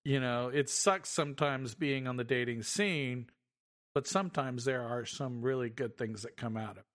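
A man's voice: medium pitch, moderate pace, a bit bright. A man in casual conversation, reflective and agreeable, offering his own views. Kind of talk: casual chat.

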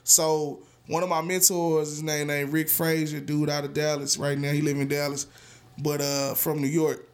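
Dude with a high voice on a podcast, spinning loose animated stories full of slang. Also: male voice, normal speed. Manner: animated, heavy slang, repeats "bro". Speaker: podcast guest. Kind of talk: casual storytelling.

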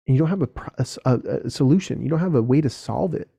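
Young guy on a solo podcast, dark gravelly voice, earnest and direct, swears a bit. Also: medium pitch, fast. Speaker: podcast host.

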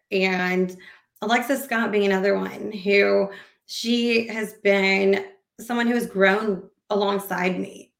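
With a mid-range voice and vocal fry, this podcast guest talks in a lively, casual way, performing the dialogue she quotes. She rambles, using many fillers and starting sentences over, in a reverberant space.

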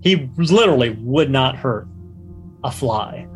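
A man's voice: medium pitch, animated, unhurried, faint music behind. A man player in a tabletop game, earnest, with fillers.

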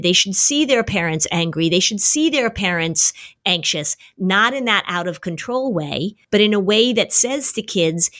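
A woman's voice: mid-range voice, a bit bright. A middle-aged woman, a parenting expert on a podcast, talking in a casual way and acting out her own outbursts as she tells a story.

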